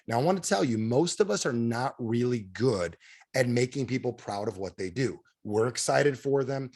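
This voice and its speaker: A man giving an energetic motivational talk to a sales team on a video call, firing rhetorical questions at his listeners. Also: medium pitch, husky. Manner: energetic, rhetorical questions to the audience, emphatic swings in loudness. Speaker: direct sales trainer.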